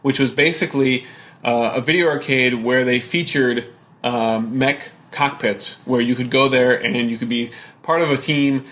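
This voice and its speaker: A man's voice: mid-range voice, steady tone, normal speed, a bit bright. Guy on a podcast rambling about old games, lots of uh's and restarts. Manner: rambling, with many fillers and restarts. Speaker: podcast co-host. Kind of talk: casual chat about games.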